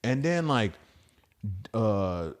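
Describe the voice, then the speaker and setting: A man's voice: lowish voice, very animated, extremely slow. A man who does stand-up, a podcast guest telling stories in a rambling, profane way and acting out the voices of people he quotes. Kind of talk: casual podcast storytelling.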